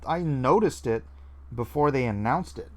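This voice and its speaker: A man hosting a casual live stream from home, relaxed and chatty, repeating short phrases. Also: medium pitch, moderate pace. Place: home, with kids audible in another room.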